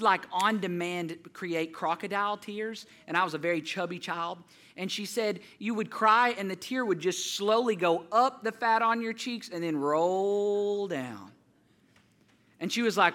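A man's voice: sits high, sharp tone. A man preaching a sermon, telling personal stories and building to impassioned rhetorical questions. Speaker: pastor.

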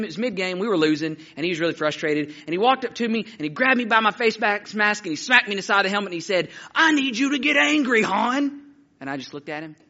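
A male pastor preaching a sermon, telling stories and acting out the voices in them. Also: sits high. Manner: storytelling, animated, acts out quotes. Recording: dull lo-fi recording.

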